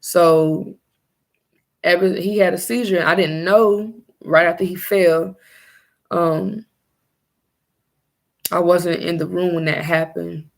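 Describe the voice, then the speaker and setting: A young woman telling her own story as a mother in a personal vlog, halting and searching for her words. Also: fairly low pitch, fairly even intonation, creaky.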